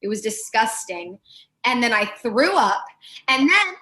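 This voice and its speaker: A woman playing a blunt, scheming wife who accuses her husband, in a brash, deadpan improvised comedy. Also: on the high side, measured pace, a little hiss or hum, heavily acted.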